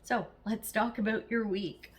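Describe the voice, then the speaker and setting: Woman tarot reader, casual to-camera chat, animated and blunt, slightly high voice. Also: unhurried. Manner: chatty, animated, blunt and encouraging.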